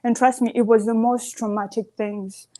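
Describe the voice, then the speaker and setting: A woman's voice: fairly high pitch, level tone, moderate pace, mellow. A woman calling in to a live show, earnest and emphatic, often asking "you see". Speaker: caller. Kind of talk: call-in opinion.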